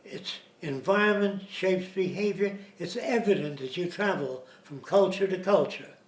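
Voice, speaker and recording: In an informal lecture, a man walks through his point step by step, now and then slipping into imitations of other people's accents. His voice is high-pitched and unhurried. The mic is distant in a roomy space, with faint hiss.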